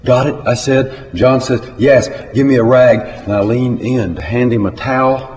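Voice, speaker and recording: A man telling a story aloud to a live audience in a plain, unhurried way. Recorded in a hall. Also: fairly high pitch. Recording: echoey hall, faint ambience.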